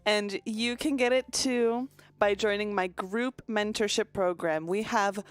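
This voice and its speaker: A woman voicing an upbeat, salesy life coach who pitches a mentorship program in gushing sales patter. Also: steady tone, unhurried, clear, resonant tone, natural voice.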